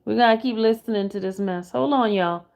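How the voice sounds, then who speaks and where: A woman's voice: mid-range voice, a little fast, gravelly, darkish tone. A woman reacting to a livestream, exasperated, talking to her viewers while she searches for the clip. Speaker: commentary streamer.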